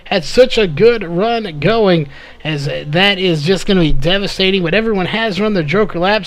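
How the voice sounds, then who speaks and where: A man calling a live race play-by-play, slightly hoarse from losing his voice, with frequent "uh" fillers. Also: high-pitched. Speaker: race commentator.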